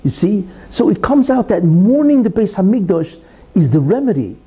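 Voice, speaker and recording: A man with a very dark, mellow and husky voice teaches a Talmud lesson. His pitch sits slightly high and swings widely as he poses questions and answers them through stories. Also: normal speed, poor audio. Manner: animated, questioning, explains with stories. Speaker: religious teacher.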